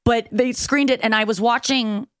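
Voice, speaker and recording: A woman's voice: on the high side, moderate pace, clear, resonant tone, no echo, clean studio sound. A woman comedian, a guest on a podcast, telling a story in casual chat and acting out the voices of its characters. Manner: animated storytelling, acts out voices.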